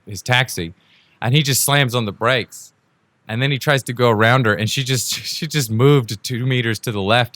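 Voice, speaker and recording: A man's voice: medium pitch, pushed and bright, no room sound. A man hosting his own show, telling a story in a loose, casual way and often laughing as he acts out the people in it. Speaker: podcast host.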